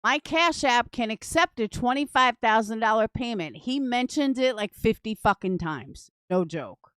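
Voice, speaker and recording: A woman's voice: a little high, expressive, moderate pace, fairly bright tone, clear, resonant tone, no room sound. A woman hosting a commentary channel, sarcastic and boastful, swearing often as she reacts to clips.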